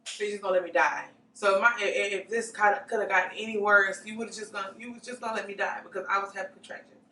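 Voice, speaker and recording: A young woman speaking in a mid-pitched voice with a gravelly edge, giving earnest, halting testimony in an interview. She sits some way from the mic, so her voice rings through a roomy space. A faint hiss runs underneath. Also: steady tone, pushed and bright. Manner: earnest, halting recounting with restarts. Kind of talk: personal testimony. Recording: echoey room, distant mic, faint noise.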